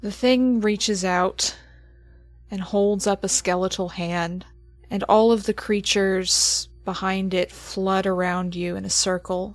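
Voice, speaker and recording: A woman game master narrates a horror tabletop game slowly and dramatically, often sinking to near whispers for suspense. Her voice is lowish, with no echo.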